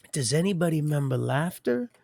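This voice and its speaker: A man hosting a livestream, rambling through faith talk, laughing often and swinging between loud and hushed. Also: fairly high pitch, creaky, no room sound. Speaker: livestream host.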